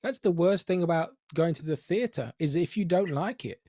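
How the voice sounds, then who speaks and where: A man co-hosting a podcast, telling stories in an amused, animated way. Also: fairly high pitch, moderate pace, dry recording, clean studio sound. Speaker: podcast co-host. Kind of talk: casual chat.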